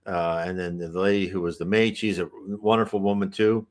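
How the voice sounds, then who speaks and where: A man sitting low in pitch hosts a casual advice talk answering viewer questions, speaking briskly. His delivery is relaxed and rambling, with restarted sentences and throat clearing.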